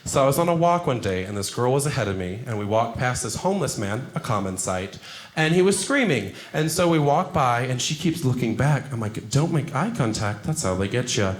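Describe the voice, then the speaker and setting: A young man doing a stand-up comedy set, self-deprecating and animated, jumping into high put-on voices for quotes. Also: brisk. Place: comedy club stage before a laughing audience. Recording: roomy club sound, audience laughter.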